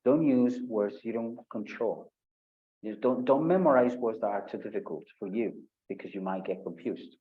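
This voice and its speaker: Male Colombian tutor, Paisa accent, slightly low voice, animated, lo-fi video-call sound. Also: normal speed. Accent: Colombian Spanish, Paisa. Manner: animated, acts out sample answers with shifting pitch. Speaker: IELTS speaking tutor. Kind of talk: live online lesson.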